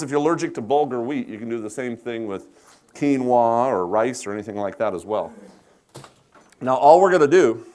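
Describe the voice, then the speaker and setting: A man's voice: mid-range voice, darkish tone. A man from South Dakota with an Upper Midwest American accent, chatting with a live audience in a folksy, joking way while demonstrating a cooking recipe. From South Dakota, USA. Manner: chatty, folksy, self-deprecating humor. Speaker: chef giving a cooking demonstration.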